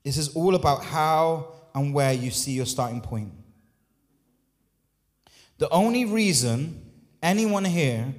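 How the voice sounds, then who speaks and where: A man preaches as lead pastor, his voice pitched a little high. He surges into loud, drawn-out lines and then drops into quick, quieter asides. The sound carries a long reverb from a church hall. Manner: impassioned, swings between loud rises and quick quiet asides. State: out of breath. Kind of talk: sermon.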